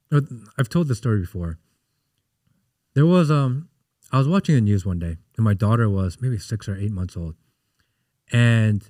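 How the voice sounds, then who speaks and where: A man in his thirties, with a somewhat low voice, tells stories as a guest in a casual podcast interview. Animated, he acts out the quotes of the people he describes. The audio is dry and close, with no room sound at all.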